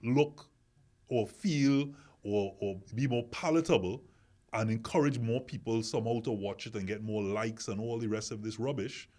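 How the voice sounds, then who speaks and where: Warm in tone and a bit low, a man's voice moves at a moderate pace as he hosts a relaxed podcast conversation. He asks questions and presses his argument by repeating words.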